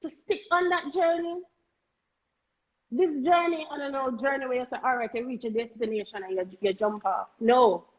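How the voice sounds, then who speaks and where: High-voiced Jamaican woman, earnest and emphatic. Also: normal speed, lo-fi sound. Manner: earnest, emphatic, stumbles and repeats words. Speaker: guest. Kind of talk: candid conversational talk.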